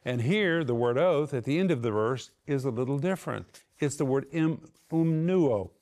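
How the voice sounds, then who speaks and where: A man teaching from the Bible, explaining Greek word meanings step by step and slowing down with emphasis on quoted verses. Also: medium pitch, lively intonation, darkish tone. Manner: emphatic, slows and rises for quoted scripture and key words.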